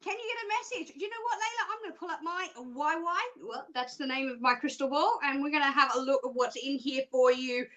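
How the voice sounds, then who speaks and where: Australian woman psychic host, bubbly live-stream chat, high bright voice, jokey patter. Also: fairly quick, few pauses. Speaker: psychic presenter.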